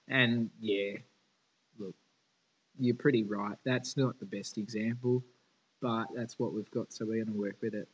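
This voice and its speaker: A man's voice: mid-range voice, steady tone, normal speed, low-quality recording. Male teacher, informal lesson delivery, casual and candid with students. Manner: casual, chatty and frank.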